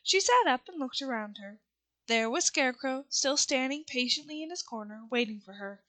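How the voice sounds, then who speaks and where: A woman reads a children's novel aloud in a steady, unhurried way, stumbling on a word now and then. Her voice sits high and sounds bright and clear. It has the easy tone of reading chapters to listeners. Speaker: reader.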